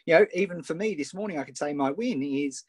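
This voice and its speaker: A middle-aged Australian man coaching entrepreneurs on a live webinar, energetic and encouraging, often ending points with "right?", recorded on a tablet mic. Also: fairly high pitch, fast, no room sound. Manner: energetic, tag questions, reads out students' wins. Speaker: online business coach. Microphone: iPad Pro built-in mic.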